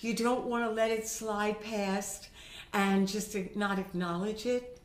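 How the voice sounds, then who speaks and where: A middle-aged woman voice teacher recovering from a sinus infection, chatting and demonstrating pitch with her own voice in a home video lesson. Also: fairly even intonation, unhurried. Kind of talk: instructional video talk. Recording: roomy home recording.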